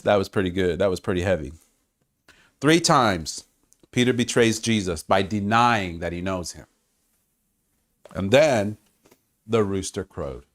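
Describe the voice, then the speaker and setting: A man preaching a sermon, swinging between loud exclamations and hushed, quiet stretches. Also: fairly low pitch. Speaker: pastor.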